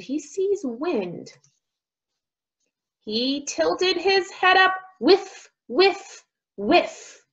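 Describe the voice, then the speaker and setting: A young woman, a speech therapist, reading a picture book to children, slowly modeling sounds and praising each try. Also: on the high side, lo-fi sound. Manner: slow, drawn-out modeling of sounds, encouraging praise.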